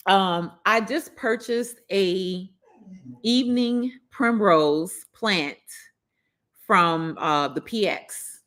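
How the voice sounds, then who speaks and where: A woman's voice: fairly low pitch, animated, slow pace, a bit bright. A woman with a Southern US accent hosting a live gardening stream, chatty and openly emotional, with frequent "you know" fillers. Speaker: gardening channel host.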